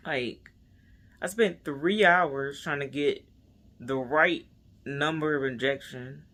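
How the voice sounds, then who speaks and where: A woman with a bright, forceful voice talks through a casual personal vlog. She sounds stressed and anxious, rambling on and sinking at times to soft near-whispers. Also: sits low. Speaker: vlogger.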